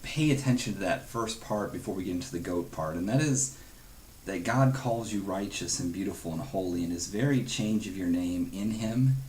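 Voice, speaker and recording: Low-voiced man teaching a Bible study. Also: normal speed, a little mellow, a little hiss or hum. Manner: earnest and conversational, with chuckles and quoted asides.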